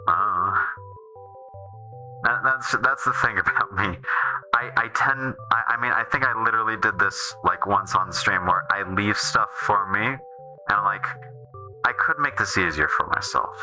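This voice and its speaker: A man's voice: on the low side, fairly even intonation, moderate pace, bright, forceful tone, soft background music, poor audio. Rambling man chatting on a game stream. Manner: rambling, self-interrupting, restarts often. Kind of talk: casual game stream chat.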